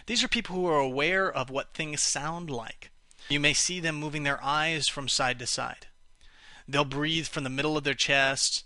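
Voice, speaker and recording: Guy teaching sales tips, really bright clear voice, dry close sound, acts out the example lines. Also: on the high side, steady tone, moderate pace, dry recording. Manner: explanatory, acts out example phrases, some restarts. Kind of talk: spoken lesson on communication styles.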